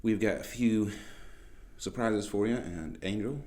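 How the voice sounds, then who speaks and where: Deep-voiced laid-back male podcast host. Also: unhurried, a little mellow. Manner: laid-back, profane, joking. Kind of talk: casual chat.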